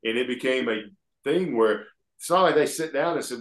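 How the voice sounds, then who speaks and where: A middle-aged man with an Alabama Southern accent, a guest telling stories in a folksy, animated way. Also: medium pitch, normal speed. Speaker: guest, former pro wrestler. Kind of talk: casual storytelling interview. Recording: echoey room.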